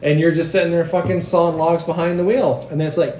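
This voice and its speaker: A man in a casual spiritual chat, swearing as he acts out everyday exchanges in quotes. His voice rings in an echoey room, with a faint rumble of noise underneath. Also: fairly even intonation, fast, a little mellow.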